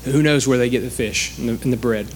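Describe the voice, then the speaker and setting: A man's voice: mid-range voice, fast talker, slight background noise. A man preaching a sermon in a conversational way, acting out the quoted speakers.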